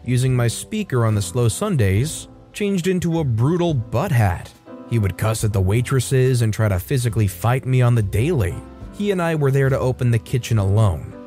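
Male narrator, mid pitch, reading a Reddit story, faint background music. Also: darkish tone.

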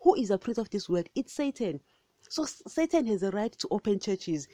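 A woman's voice: mid-range voice, very animated, moderate pace, warm tone, dry recording. A woman preaching an impassioned sermon monologue, scolding and repeating herself with emphasis, often calling her listeners "guys".

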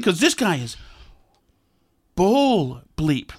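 A podcast host telling a story in a casual, animated way, acting out his own quotes. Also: high voice, a little fast.

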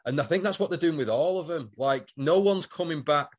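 A man's voice: on the high side, animated, fairly quick, slightly rough. Guy cohosting a podcast, chatty and rambly, lots of likes and ums. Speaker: podcast co-host. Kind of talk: casual chat.

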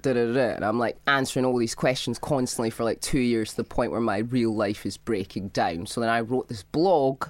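A woman's voice: a bass voice, brisk, few pauses, a little mellow, no echo. A Scottish woman guest talking animatedly in an interview, mimicking people and laughing as she tells stories. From Scotland. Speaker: guest, model and author. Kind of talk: casual interview talk.

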